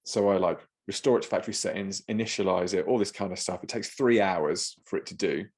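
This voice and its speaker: A man co-hosting a podcast, telling an anecdote in lively casual chat and laughing often. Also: deep voice, brisk. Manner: lively anecdote teller, laughs often, acts out quoted voices. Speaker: podcast co-host.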